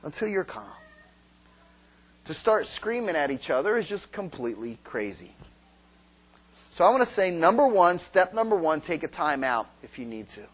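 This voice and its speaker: His voice a little high and sing-song at normal speed, a man preaches on marriage as if in conversation. He turns questions to the congregation and acts out arguments in quoted voices.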